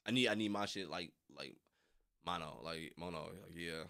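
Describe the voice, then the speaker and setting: A man's voice: deep voice, normal speed, vocal fry, fairly bright tone, no echo. A young man rambling casually on a livestream, full of slang and frequent laughter. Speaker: reaction streamer.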